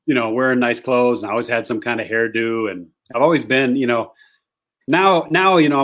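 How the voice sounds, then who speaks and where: A man guest, a hunting guide, telling a rambling, animated anecdote in casual conversation. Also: mid-range voice. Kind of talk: casual storytelling.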